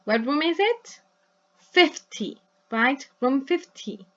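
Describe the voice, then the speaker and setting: A woman's voice: high-pitched, expressive, fairly bright tone, highs cut off. A woman teaching an English lesson in a recorded video, modelling words for her students to repeat and checking in with them often. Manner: patient, checks in with "right?" and "yes?"; models words slowly for repetition.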